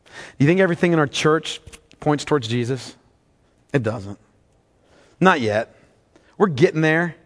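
A man preaching a sermon as pastor, impassioned and at times reading slowly and deliberately. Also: on the high side, animated, a bit bright, in a large hall.

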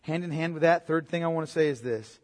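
A man preaching a sermon as pastor, impassioned, swinging between loud outbursts and low, quiet emphasis. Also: fast. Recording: long hall reverb.

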